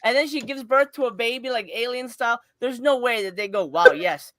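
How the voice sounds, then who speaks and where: A podcast host with a bright, forceful voice, rambling through a casual movie review. The delivery is loose and profane, with frequent laughter. The sound is dry and close, with no room echo. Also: medium pitch, brisk.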